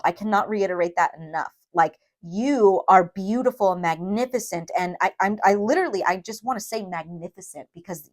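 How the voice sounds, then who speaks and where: A woman's voice: medium pitch, brisk, few pauses. Emotional woman tarot reader. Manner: emphatic, emotional, talks straight to viewers with frequent "okay?". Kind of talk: tarot reading.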